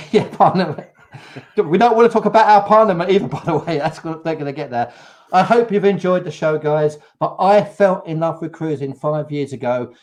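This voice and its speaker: Male host from England, casual and animated storyteller, slightly high voice. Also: normal speed. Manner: animated, acts out quotes. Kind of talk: casual storytelling on a live show.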